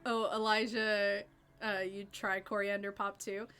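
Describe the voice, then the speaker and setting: A woman streamer reading a story game aloud and chatting with viewers in a lively way, laughing between passages. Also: mid-range voice, unhurried, clean tone.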